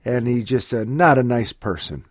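A man co-hosting a casual talk, speaking haltingly with uhs and repeated words. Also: medium pitch, expressive, no echo, clean studio sound. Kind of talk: casual conversation.

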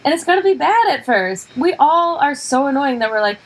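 A young woman comedian co-hosting a podcast, ranting emphatically in casual chat and chiming in with quick agreement. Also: sits high, very animated, poor audio.

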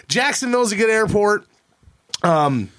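Brief: bright, slightly high male co-host, rambling anecdotes, swears freely. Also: lively intonation, measured pace. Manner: rambling storyteller, swears, acts out quotes. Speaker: podcast co-host. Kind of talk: casual chat.

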